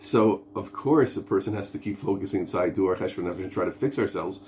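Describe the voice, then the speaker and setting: A man's voice: deep voice, fast talker, darkish tone, a little hiss or hum. A man teaching an informal lesson on prayer as a rabbi, earnest, his English full of Hebrew and Yiddish terms. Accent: Hebrew and Yiddish words in English speech. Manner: earnest, mixes Hebrew and Yiddish terms, acts out pleading voices.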